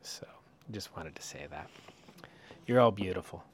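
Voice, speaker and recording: Soft-spoken, hesitant man sharing in a group. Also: low voice, lively intonation, moderate pace, a little hiss or hum. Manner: hesitant, full of ums and restarts. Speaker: meditation group member. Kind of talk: sharing and reading a poem aloud.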